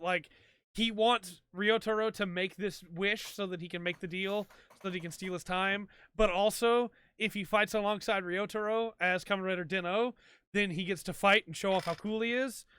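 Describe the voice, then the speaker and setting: Here the same kind of solo podcast chat comes from a man with a high, steady voice at a moderate pace, rambling with plenty of ums and likes. His tone is bright, forceful, and smooth, captured on a desk stream mic with clean studio sound and no room sound.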